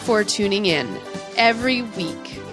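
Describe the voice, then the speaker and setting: A woman co-hosting a podcast in casual chat, bubbly and excitable as she reads out announcements. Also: medium pitch, measured pace, music in the background. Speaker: podcast co-host.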